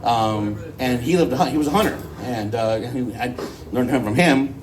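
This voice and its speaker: A man doing a first stand-up set, rambling and halting with many restarts. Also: medium pitch, recorded from a distance, a little hiss or hum, poor audio. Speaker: stand-up comedian.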